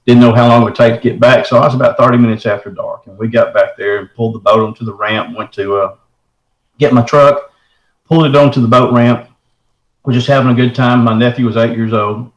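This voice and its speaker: A man's voice: medium pitch, brisk, lo-fi sound. Folksy man, roomy echo. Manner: folksy, says "man" often, animated retelling. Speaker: guest telling his encounter. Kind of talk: casual first-person storytelling.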